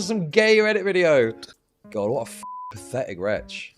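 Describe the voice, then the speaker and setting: A man's voice: fairly high pitch, sing-song, normal speed, soft background music. A man ranting on a live stream, scornful and heated, swearing often.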